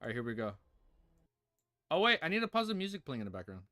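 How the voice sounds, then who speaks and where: A man hosting a livestream reaction, chatting excitedly with viewers and his puppy. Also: fairly high pitch, fast. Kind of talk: casual livestream reaction chat.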